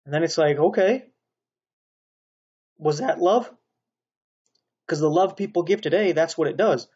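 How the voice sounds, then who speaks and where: A man's voice: fairly high pitch, unhurried, a little mellow, slightly rough, highs cut off. A man preaching a rambling, stern sermon monologue, pressing his points with repeated rhetorical asides. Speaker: online preacher.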